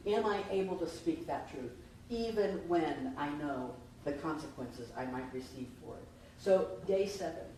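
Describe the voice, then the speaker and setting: Speaking low with a dark tone, this woman minister gives a conversational Easter sermon and asks the congregation questions. The recording comes from a distant mic in a church sanctuary, where the hall is very echoey and a faint noise lingers.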